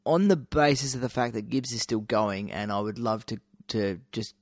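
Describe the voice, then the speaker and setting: A man's voice: on the low side, moderate pace, dry recording, studio quality. A man co-hosting a casual podcast, rambling with lots of fillers and swearing often. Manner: rambling, swears, puts on mocking voices. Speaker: podcast co-host. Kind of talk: casual banter.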